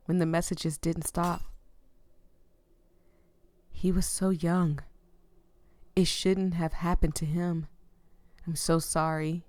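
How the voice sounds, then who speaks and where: A woman's voice: on the low side, flat delivery, slow, pauses often, dry recording. A woman hosting her channel, reading a visual novel aloud and stopping to react with feeling between the lines. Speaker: channel host reading interactive stories.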